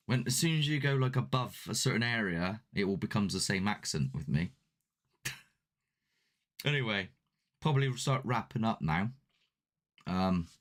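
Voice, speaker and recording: A man's voice: fairly low pitch, a bit bright. A man hosting a paranormal channel, chatting casually and a bit ramblingly with his live-stream viewers. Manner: chatty, rambling, self-deprecating. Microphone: desk mic with ring light.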